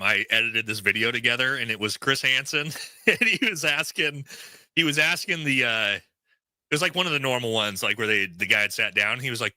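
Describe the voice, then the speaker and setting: Bright, edgy-voiced man who swears constantly. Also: mid-range voice, no room sound. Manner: laughs a lot, heavy swearing, says "dude" constantly. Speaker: podcast host. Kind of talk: casual podcast chat.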